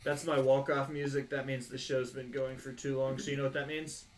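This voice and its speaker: A man hosting a wrestling podcast, joking and rattling off shout-outs. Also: mid-range voice, level tone. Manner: joking, rapid shout-out lists. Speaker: podcast host. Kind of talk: casual podcast chat.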